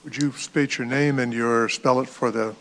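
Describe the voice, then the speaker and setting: A man's voice: medium pitch, fairly even intonation, normal speed, vocal fry, background noise. A man chairing a public board meeting, reading formal text aloud and addressing speakers courteously.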